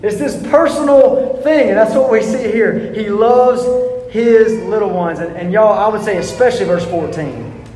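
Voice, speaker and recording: A man delivers an earnest sermon in a notably high voice. He stresses single words and presses the congregation with repeated questions. His voice rings through a large church hall with a long reverb tail. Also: moderate pace, darkish tone. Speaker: pastor. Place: church sanctuary.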